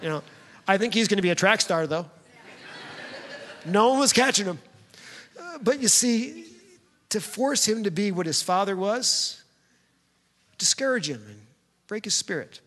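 Male pastor, high voice, chatty storytelling sermon, long hall echo. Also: a bit bright. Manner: conversational, storytelling, talks directly to the congregation.

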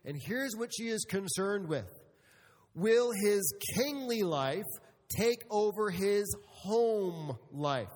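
High-voiced pastor preaching in a hall. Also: male voice, expressive, takes it slowly, darkish tone. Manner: storytelling with humor, addressing the congregation. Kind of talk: sermon.

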